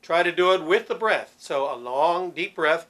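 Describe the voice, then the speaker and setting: A man teaching church cantors vocal warm-ups, explaining patiently and demonstrating sounds. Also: a little high, animated, moderate pace, very noisy. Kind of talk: instructional talk with sung demonstrations.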